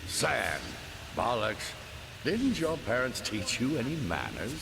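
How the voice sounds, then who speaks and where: A man's voice: mid-range voice, big pitch swings, slow pace, vocal fry, noisy background, exaggerated voice. An actor playing a cantankerous, pompous old man who scolds and sneers in game dialogue. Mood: irritated scolding. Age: older. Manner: indignant, scolding, sarcastic. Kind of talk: video game character dialogue.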